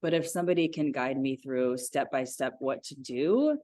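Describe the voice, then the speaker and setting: A woman in her forties, a yoga teacher, talking about her practice in a casual podcast interview, enthusiastic and quick to laugh. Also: extremely low pitch, dark tone, no room sound, studio quality. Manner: enthusiastic, laughs easily, thoughtful.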